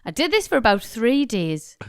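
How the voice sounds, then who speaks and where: A young woman co-hosts a podcast and reads a listener's story aloud. Her voice sits a little high and moves a lot in pitch as she lays on the drama. The sound is dry and close, with no room around it. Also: moderate pace, clean tone, no room sound. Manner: expressive, laughs often. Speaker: podcast co-host. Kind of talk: casual chat, reading a listener story aloud.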